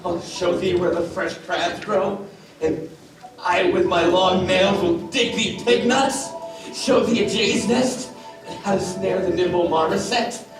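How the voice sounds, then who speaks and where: A man's voice: high-pitched, fairly even intonation, unhurried. A man playing a fawning, brutish island monster on stage, worshipful and eager, recorded from far off in an echoey hall. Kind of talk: live stage acting. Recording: echoey, distant stage mic with music.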